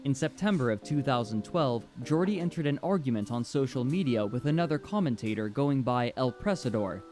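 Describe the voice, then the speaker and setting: A man reading scripted documentary narration in a measured, even storytelling way. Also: mid-range voice, soft background music.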